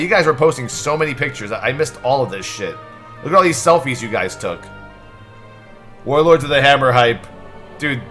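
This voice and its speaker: A young man hosting a live stream, stressed and excitable, swearing and thanking subscribers in quick bursts. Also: medium pitch. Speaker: livestream host. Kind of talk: live reaction stream chatter.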